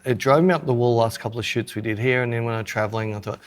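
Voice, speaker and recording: A man's voice: mid-range voice, fast talker. A man co-hosting a podcast in casual chat, joking and self-mocking as he talks through his photography gear.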